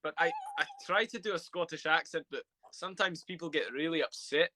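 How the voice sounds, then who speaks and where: A man's voice: on the high side, a little fast, pushed and bright, slight background noise. A young man, chatting casually on a live stream, laughing often and rambling with restarts. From England.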